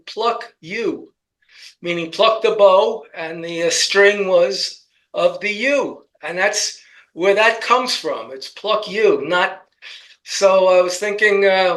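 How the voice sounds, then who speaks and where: A man's voice: high-pitched, a bit bright, rough recording. A man with a New York accent in casual political commentary, telling rambling stories with jokes. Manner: rambling joking storyteller.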